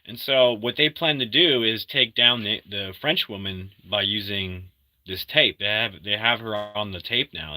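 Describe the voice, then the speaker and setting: Animated man retelling a movie. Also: on the low side, no room sound, rough recording. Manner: animated storyteller, acts out quotes, many restarts. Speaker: movie recap host. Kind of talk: casual spoken movie recap.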